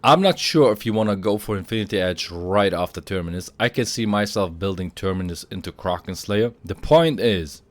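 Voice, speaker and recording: A man who is a little sick, explaining a video game item build and reading item stats aloud, getting excited as he hypes the items. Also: deep voice, normal speed, hardly any pauses, no echo. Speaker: game guide creator. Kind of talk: gameplay guide commentary.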